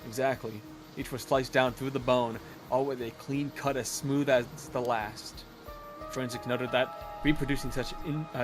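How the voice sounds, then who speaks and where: A man's voice: mid-range voice, lightly acted. A man voicing an earnest, diligent young male assistant in a formal, precise manner, reading game dialogue over game music. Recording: game music playing behind.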